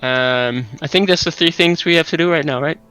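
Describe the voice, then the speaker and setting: A man's voice: on the high side, brisk, sharp tone, clean tone, faint music behind. A man playing a tabletop game, hesitant and asking a lot of questions. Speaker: player. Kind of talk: casual tabletop game banter.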